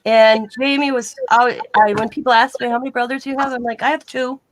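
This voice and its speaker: A woman's voice: a little high, fairly even intonation, fast, a little hiss or hum. A woman chatting casually on a live online show, rambling through long personal stories and acting out the back-and-forth dialogue in her own voice. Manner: rambling, acts out quoted dialogue in plain voice. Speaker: guest in a live online chat. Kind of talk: casual storytelling chat.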